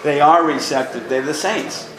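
Speaking to young people in an informal youth-group talk, this older New York City priest is earnest and tends to repeat words. His voice is a little high and moderately paced, heard over a noisy crowd in an echoey room captured from a distance.

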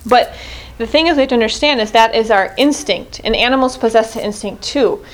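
A woman's voice: a little high, brisk. A woman leading a group prayer reflection in an earnest way, often restarting and correcting herself mid-sentence. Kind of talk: spoken reflection on scripture.

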